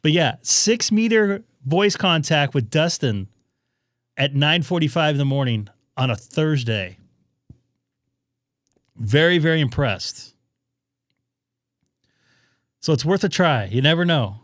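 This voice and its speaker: A man hosting a casual ham radio live stream from his home radio room, telling stories in an excited, rambling way. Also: a little high, slow pace, long pauses, no echo, clean studio sound.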